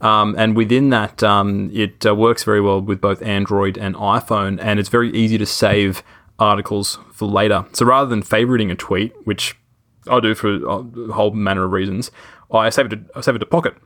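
A man's voice: fairly low pitch, fairly even intonation, brisk, fairly bright tone. A man co-hosting a podcast, chatting casually, laughing often and stumbling over his words. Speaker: podcast co-host. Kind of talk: casual chat.

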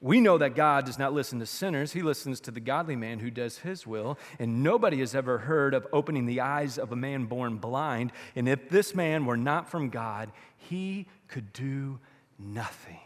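A man pastor preaching a sermon, animated, swinging from loud to hushed, with sarcastic asides. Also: medium pitch, moderate pace, long reverb tail.

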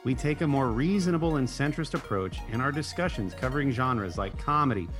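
A man reading a scripted promo for his podcast in a relaxed, friendly way. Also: mid-range voice, a little fast. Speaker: podcast host in an ad. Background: faint music.

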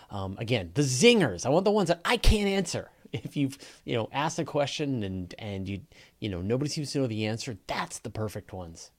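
A man with a Canadian accent hosting a casual live question-and-answer show, talking in a rambling way with lots of fillers and restarts. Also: on the low side. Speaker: host.

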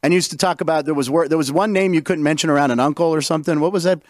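A man's voice: a little high, steady tone, racing, no room sound, studio quality. A man hosting a talk show, asking guests eager questions and often stammering on his restarts. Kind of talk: casual interview chat.

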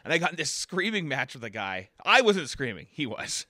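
A man's voice: on the high side, sing-song, fairly quick, sharp tone, no room sound. Give me a man telling a story on a podcast, loose and rambling, dry sound. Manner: rambling, filler-heavy. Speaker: comedian, open mic host. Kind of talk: casual podcast chat, storytelling.

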